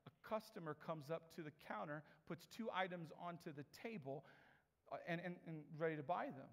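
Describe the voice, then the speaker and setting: Man speaker, animated storyteller, slightly high voice, long hall reverb. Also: normal speed. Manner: animated, laughing asides, lively impressions. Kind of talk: storytelling talk.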